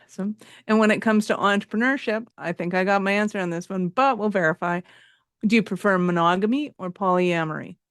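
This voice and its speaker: A woman podcast co-host asking quick-fire questions in a playful way. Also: medium pitch, clean tone, dry recording, clean studio sound. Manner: playful, laughs easily.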